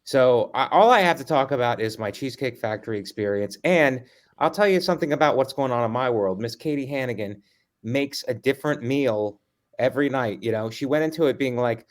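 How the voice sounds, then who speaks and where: A man co-hosting a comedy podcast, teasing his partner in a deadpan way during casual chat. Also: mid-range voice, a little fast. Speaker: podcast co-host.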